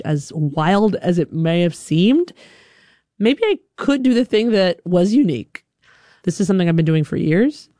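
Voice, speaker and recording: A woman from Alabama telling a personal story in a lively, chatty way, full of "like". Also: low voice, no room sound, studio quality.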